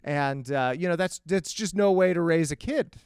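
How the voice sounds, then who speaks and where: A male comedian chatting as a podcast guest, telling animated stories and slipping into acted voices. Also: fairly high pitch, normal speed, clear, resonant tone, no room sound, studio quality. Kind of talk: casual podcast conversation.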